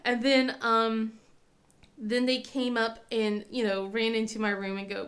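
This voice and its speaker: Chatty mother, high voice, laughing often. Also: flat delivery, measured pace, noisy background. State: sick with a cold. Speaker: crafting vlogger. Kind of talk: casual chat.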